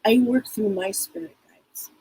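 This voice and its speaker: A woman's voice: mid-range voice, unhurried, dark tone, husky, low-quality recording. A middle-aged woman hosting a live psychic reading broadcast, rambling casually with many fillers. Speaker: psychic show host.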